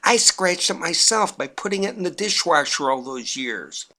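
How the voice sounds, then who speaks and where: A man's voice: a little high, animated, normal speed, sharp tone, voice pushed up. A man voicing an older mother-in-law who scolds insistently and wants the matter dropped. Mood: scolding.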